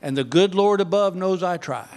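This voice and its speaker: Doing stand-up in a comedy club, this older man has a voice that sits high and a moderate pace. He tells his stories animatedly, feigning exasperation.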